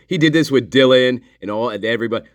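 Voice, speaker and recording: A man's voice: medium pitch, a little fast, dry recording. Give me a sarcastic man angrily ranting over a clip, close and dry. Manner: mocking, profane, sarcastic. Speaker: commentator reacting to interview footage. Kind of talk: angry ranting commentary.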